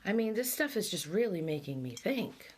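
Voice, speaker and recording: A middle-aged woman who was born and raised on an island hosts a casual vlog, reading out facts, musing aloud and laughing in reaction. Her husky, mid-range voice is very animated and moves at normal speed.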